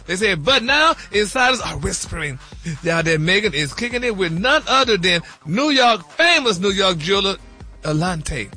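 A man's voice: high-pitched, animated, normal speed, bright, forceful tone, soft background music. A man hosting celebrity gossip in a flamboyant, sassy chatting style. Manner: flamboyant, peppers talk with honey and y'all.

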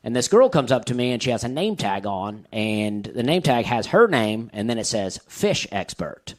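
A man telling a story in a stand-up style, dry and conversational, with deliberate pauses. His pitch moves up and down a lot. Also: sing-song. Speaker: comedian telling a joke.

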